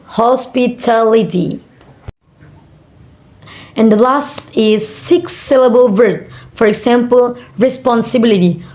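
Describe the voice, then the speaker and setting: A young Indonesian woman with a slightly high voice reads her coursework answers aloud at an unhurried pace. She hesitates with frequent fillers and says each example word several times over. Her English has an Indonesian accent. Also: a little mellow. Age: young adult. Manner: hesitant, many fillers, repeats example words slowly. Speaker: student. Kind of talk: reading out assignment answers.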